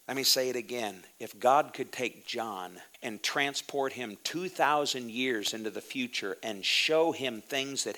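Fiery man preaching in bursts. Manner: shouting bursts and sudden drops to a low hush; reads scripture slowly and emphatically. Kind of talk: fiery sermon with scripture reading.

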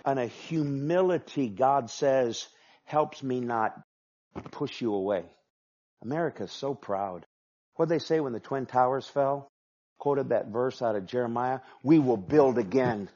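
Husky-voiced man preaching a sermon. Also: mid-range voice, measured pace. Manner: emphatic preaching, swings from hushed to loud. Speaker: pastor. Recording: dull lo-fi sound.

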